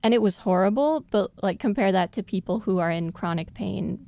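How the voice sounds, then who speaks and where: Podcast co-host, woman, thoughtful and quick to laugh, clean smooth tone. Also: mid-range voice, animated, dark tone. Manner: thoughtful, laughs often while explaining. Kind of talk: casual analytical chat.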